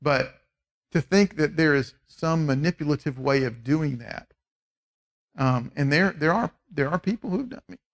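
A man's voice: a little high, lively intonation, a little slow. A middle-aged man teaching a Bible class in a conversational way, often asking the group questions.

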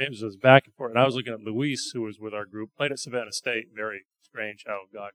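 A man sharing stories from a church mission trip in a halting, earnest way. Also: medium pitch, fairly even intonation, a bit bright, no echo, poor audio. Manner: halting, repeats words, earnest. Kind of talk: casual testimony talk.

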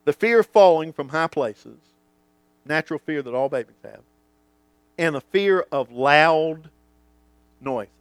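Male pastor, slow deliberate sermon delivery, big dynamic swings, dry close mic. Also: animated, clean tone, dry recording. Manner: dramatic swings from booming to hushed, acts out quoted voices.

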